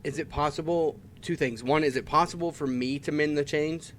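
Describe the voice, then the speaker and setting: A man's voice: a little high, fairly even intonation, normal speed, a bit bright, a little hiss or hum. Hesitant man at the game table. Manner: hesitant, full of restarts and fillers. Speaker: player. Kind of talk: casual tabletop game chat.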